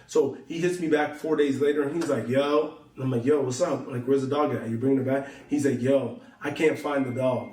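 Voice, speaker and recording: A man's voice: medium pitch, fairly even intonation, a little fast, few pauses, reverberant, far from the mic, background noise. A young man telling a long story to his viewers in loose slang, acting out both sides of each conversation. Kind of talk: casual storytelling to camera.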